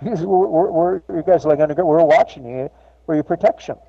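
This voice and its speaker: Halting grieving man. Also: on the high side, vocal fry, slight background noise. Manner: halting, many restarts and fillers. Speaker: guest. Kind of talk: personal story in an interview. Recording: slightly muffled with faint ambience.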